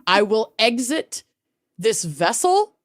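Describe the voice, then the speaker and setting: A woman's voice: fairly high pitch, very animated, slow pace. A woman co-hosting a podcast in casual chat, joking dramatically and swearing freely. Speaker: podcast co-host.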